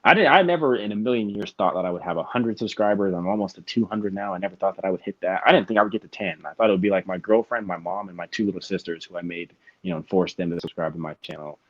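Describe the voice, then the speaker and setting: A man's voice: sits low, fast talker, hardly any pauses, no echo. A young man, a college student guest, talking earnestly with lots of "like" and "you know" over a dull call line. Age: young adult. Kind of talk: casual chat. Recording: dull dry lo-fi call audio.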